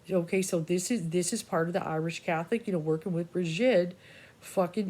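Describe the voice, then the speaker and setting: Her fairly low voice is steady and a little mellow, and she speaks a little fast: a woman psychic reader talking casually to her viewers. The personal monologue rambles, with free swearing, frequent restarts, and scattered asides.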